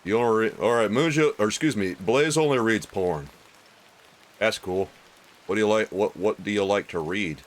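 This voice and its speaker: A man's voice: lowish voice, moderate pace. A man casually commenting on a game he plays for viewers, joking crudely and chatting with his audience. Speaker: let's play streamer.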